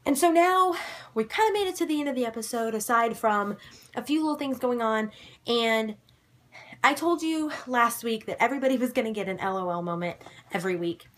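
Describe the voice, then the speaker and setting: A young woman casually recapping a TV episode to camera, animated and excitable, dropping into sudden dramatic whispers. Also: a little high, fairly quick. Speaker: vlogger recapping a ghost-hunting show.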